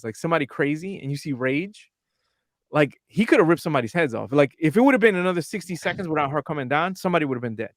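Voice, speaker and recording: A man guest on a podcast, telling a lively anecdote and acting out the voices of the people in it. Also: a little high, no room sound, studio quality. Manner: animated, acts out voices in his anecdote. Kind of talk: storytelling on a podcast.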